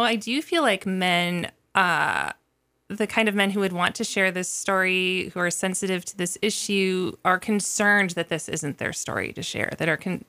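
A woman speaking as an interview guest for an advocacy group, earnest and reflective, with frequent pauses and soft laughs. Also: fairly low pitch. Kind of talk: conversational interview.

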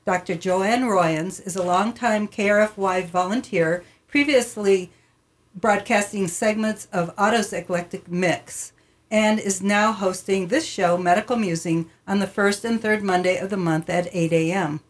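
A woman's voice: mid-range voice, a little slow. A woman radio producer reading a prepared introduction of the host in a community radio studio, with small restarts.

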